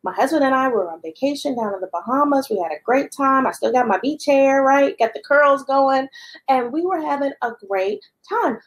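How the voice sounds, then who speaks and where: A woman's voice: high voice, expressive, moderate pace, breathy edge, low-quality recording. A woman giving an upbeat, encouraging talk as a leadership coach, repeating key phrases for emphasis and speaking faith-based affirmations. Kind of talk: motivational talk to listeners.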